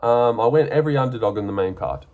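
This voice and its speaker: A man's voice: mid-range voice, animated, fast, a little mellow, dull audio. A young Australian man giving a casual, blunt and profane breakdown of fights, sarcastic and full of ums. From Western Australia. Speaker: MMA fight reviewer.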